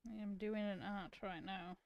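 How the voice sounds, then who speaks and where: A woman's voice: mid-range voice, steady tone, moderate pace, darkish tone, dry recording, lo-fi sound. A woman joining in casually on a stream with wry, teasing quips. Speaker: streamer's partner chiming in. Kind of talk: casual off-mic interjections.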